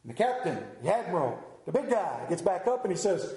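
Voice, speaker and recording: A man's voice: sits high, fairly quick, few pauses. A man pastor preaching a sermon to a congregation, telling stories animatedly and acting out the voices in them. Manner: animated storyteller, acts out voices. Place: church hall with congregation. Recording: roomy echoing hall.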